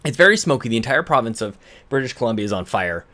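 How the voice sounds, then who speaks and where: A man's voice: mid-range voice, big pitch swings, quick pace, pushed and bright. A man hosting a podcast intro in a casual, rambling way, correcting himself as he goes and sounding a little out of breath. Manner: rambling, self-correcting, chatty. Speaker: podcast host. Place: home in British Columbia.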